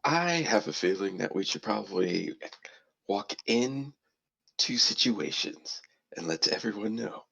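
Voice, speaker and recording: A man playing a tabletop game in a very low, gravelly voice. His pitch swings widely as he jokes. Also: lively intonation, measured pace, bright, forceful tone. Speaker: player.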